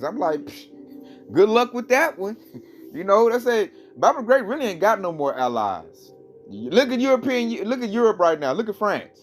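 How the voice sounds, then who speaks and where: A man with a high voice delivering religious commentary on his vlog. He talks in a preachy, repetitive, slangy way, circling back to the same points. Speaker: channel host.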